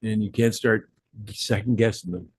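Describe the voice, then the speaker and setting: A man's voice: on the low side, steady tone, normal speed, slight background noise. A man on council making a firm, emphatic comment during a meeting. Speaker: deputy council member.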